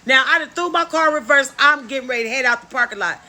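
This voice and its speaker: A woman's voice: sits high, fast, pushed and bright. A woman telling a personal story in a casual, emphatic monologue, bluntly and with frequent asides to her listeners. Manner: blunt, occasional cursing.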